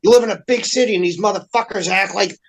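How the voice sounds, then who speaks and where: A man on a heated, profane rant in casual podcast chat, animated and cursing constantly. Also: high-pitched, fast, low-quality recording. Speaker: podcast regular.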